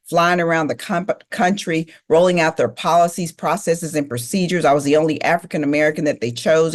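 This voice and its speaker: A middle-aged woman giving a motivational speech, telling her life story emphatically and speaking straight to the audience. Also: low-pitched. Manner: emphatic, repeats key phrases, addresses audience directly.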